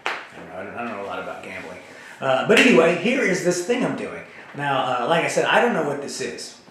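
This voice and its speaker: A middle-aged man hosts a comedy monologue at a medium pitch, rambling and deadpan as he skips between topics. He talks in fits and starts. His voice rings around a very echoey room. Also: background noise. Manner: halting, many fillers and restarts. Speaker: host.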